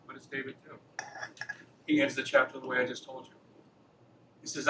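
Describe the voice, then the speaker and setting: A man's voice: medium pitch, brisk, pauses often, distant mic, noisy background. A man from Los Angeles giving an informal lecture to a campus club, keeping it conversational with frequent rhetorical questions. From Los Angeles, USA. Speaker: guest speaker at a campus apologetics club. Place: lecture room.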